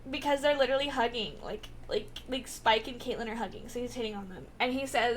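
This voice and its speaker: A woman's voice: fairly high pitch, fast, hardly any pauses, slight background noise. A woman vlogger recapping a TV episode in a casual, rambling way, with lots of filler words and swearing.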